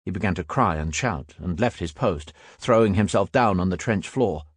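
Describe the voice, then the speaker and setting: A man narrating a first-person war memoir audiobook in a steady, grave manner. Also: low-pitched, moderate pace, slightly rough, no room sound, clean studio sound.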